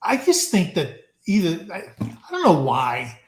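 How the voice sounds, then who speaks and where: A man co-hosting a casual livestream chat with guests, talkative and quick to laugh. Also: high voice, huge pitch swings, echoey room. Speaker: livestream co-host.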